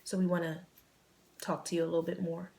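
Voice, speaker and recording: A woman vlog host telling a personal story in an earnest, halting way, repeating phrases and sometimes dropping to a hush. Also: lowish voice, level tone, creaky.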